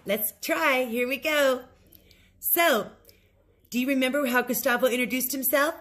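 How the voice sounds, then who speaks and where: Woman, English teacher, fairly high voice; speaks phrases slowly and clearly for repetition. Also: fairly bright tone. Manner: slow, clear modeling of phrases for learners to repeat. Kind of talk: recorded language lesson.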